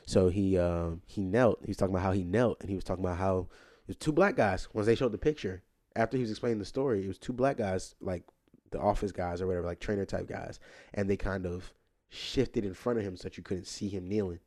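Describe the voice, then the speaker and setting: A young man hosting a casual podcast, ranting animatedly and getting loud when worked up, then settling low and quiet to tell a story. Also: fast talker. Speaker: podcast host.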